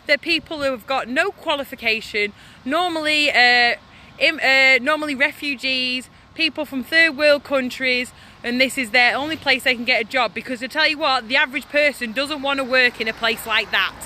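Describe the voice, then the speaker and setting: A woman's voice: sits high, normal speed, bright, forceful tone. A woman ranting in an indignant, emphatic vlog, repeating her points with anger. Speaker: animal rights vlogger. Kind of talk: angry vlog rant. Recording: faint street noise behind.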